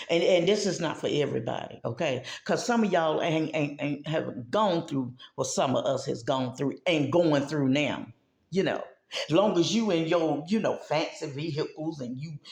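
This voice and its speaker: A woman's voice: on the low side, vocal fry, darkish tone, reverberant. A woman giving a motivational talk about mental health, with a preachy, emphatic manner that speaks straight to the listener.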